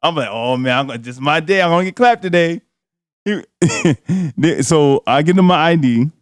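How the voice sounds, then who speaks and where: A man, co-hosting a podcast and telling a comedic story in a loud, laughing, slangy way. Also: fairly high pitch, animated, normal speed, smooth, no room sound, studio quality. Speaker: podcast co-host.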